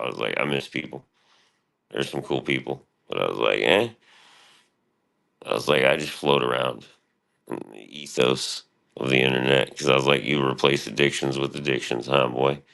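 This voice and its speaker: A man's voice: a bass voice, normal speed, creaky, bright, forceful tone. A man streaming live, rambling casually and profanely about his past and his show, often quoting himself.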